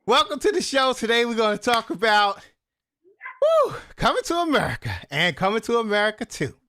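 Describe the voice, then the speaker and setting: A man hosting a casual live talk show, loud and excitable, laughing often. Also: very high voice, brisk.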